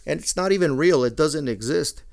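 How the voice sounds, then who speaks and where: Gravelly man, blunt and profane. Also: on the high side, animated, normal speed, a little mellow. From Mexican-American. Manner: profane, blunt, mixing Spanish slang into English. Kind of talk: casual monologue.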